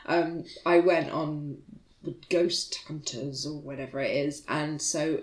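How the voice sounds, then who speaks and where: A woman co-hosting a podcast, telling a story in casual chat, animated and laughing as she acts out what was said. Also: deep voice, slow. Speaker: podcast co-host. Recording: echoey room.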